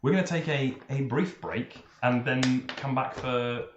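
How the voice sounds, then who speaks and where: A man narrates a tabletop game as its game master, warm with enthusiasm and scattered with fillers. His voice is mid-pitched. It carries a roomy echo. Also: a little slow, highs cut off, noisy background.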